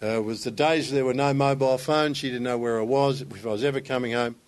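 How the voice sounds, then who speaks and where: A man's voice: medium pitch, steady tone, quick pace. An older man delivering a sermon. He tells stories with emphasis and builds to raised, fervent passages. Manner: storytelling, emphatic, rising to raised intensity. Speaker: pastor.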